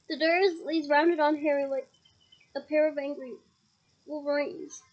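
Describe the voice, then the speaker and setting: A woman's voice: high voice, steady tone, unhurried, pauses often, darkish tone, muffled recording. A woman reading a novel aloud, voicing the characters and stopping for chatty, giggly asides. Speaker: reader.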